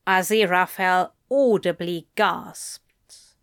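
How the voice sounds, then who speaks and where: A woman slowly reading a romantic story aloud in an intimate tone. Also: medium pitch, expressive, a bit bright. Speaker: reader. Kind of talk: reading fan fiction aloud.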